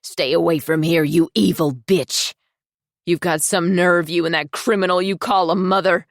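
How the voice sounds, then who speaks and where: A woman's voice: medium pitch, animated, a little slow, no echo, clean studio sound. Woman doing a fierce, protective older mother. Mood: hostile. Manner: sharp and angry toward strangers, soothing to her daughter. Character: fierce protective middle-aged mother, hostile to outsiders.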